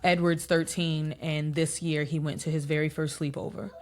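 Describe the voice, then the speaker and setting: A woman in her thirties, a podcast guest telling family stories in a casual, animated way and laughing often. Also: deep voice, normal speed. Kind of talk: casual interview chat.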